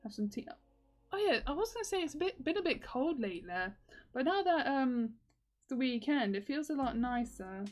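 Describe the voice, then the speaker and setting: A woman's voice: high voice, animated, brisk, a little mellow, faint music behind. A woman chatting casually in a video diary, rambling with lots of fillers and frequent laughs. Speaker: video diarist.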